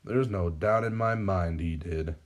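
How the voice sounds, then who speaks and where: Man reading as a casual, offhand male speedster; low voice. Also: unhurried. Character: laid-back adult man, a speedster.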